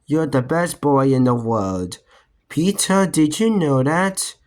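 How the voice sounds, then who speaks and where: A man's voice: a little high, animated, slow. A man reading a storybook aloud, voicing a sweet, doting old grandmother in a fond, cooing way.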